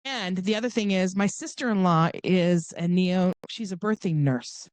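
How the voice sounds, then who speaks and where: Here a middle-aged woman from Southern California tells a lengthy personal tale as a podcast guest, keeping it casual. Animated, she impersonates the people she quotes with big pitch swings. Her pace is normal with hardly any pauses, and there's no echo.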